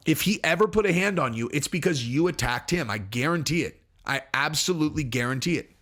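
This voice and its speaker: Rambling, emphatic man with a higher voice. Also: animated, brisk, a bit bright. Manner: rambling and emphatic, many restarts and "dude". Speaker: host. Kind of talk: casual commentary.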